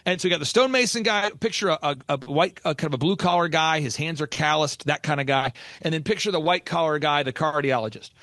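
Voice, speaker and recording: A man hosting a business coaching podcast, telling stories in an animated, emphatic way. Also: fairly high pitch, dry recording, clean studio sound. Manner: animated storytelling, quick and emphatic. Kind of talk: energetic casual podcast talk.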